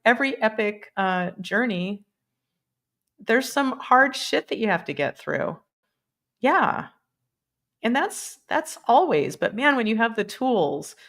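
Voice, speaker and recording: A woman's voice: medium pitch, fairly bright tone. A woman hosting a casual live stream, rambling between topics, laughing often and swearing freely. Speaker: livestream host. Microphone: computer mic on a live stream.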